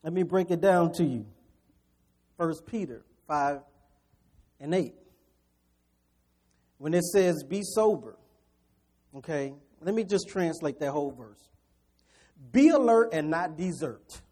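A male preacher with a high, mellow voice delivers a sermon. He is animated, swinging from hushed scripture reading to loud, quick-fire preaching. He chuckles as he talks straight to the congregation. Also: slightly rough.

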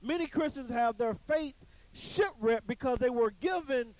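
A man's voice: very high voice, animated, measured pace, a little mellow, no echo, rough recording. A man telling a story to an audience in an emphatic, preachy way, often repeating his phrases. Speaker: commentator on church life.

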